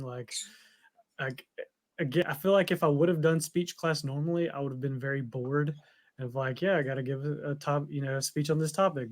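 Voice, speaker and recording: A young man, co-hosting a podcast and chatting casually, rambling and leaning on fillers. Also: a little high. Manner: rambling, filler-heavy, with frequent "like". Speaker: podcast co-host. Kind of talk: casual chat.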